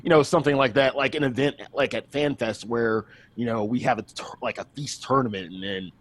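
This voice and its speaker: A young man co-hosting a casual podcast. He jokes and chimes in with a relaxed manner. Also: mid-range voice, brisk. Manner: relaxed, joking, chiming in. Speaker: podcast co-host.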